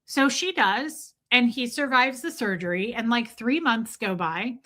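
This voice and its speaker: This livestream host has a high-leaning, fairly bright voice and talks a little slowly. She tells a blunt, foul-mouthed story on a casual stream, breaking off to greet viewers by name, all picked up by her streaming mic.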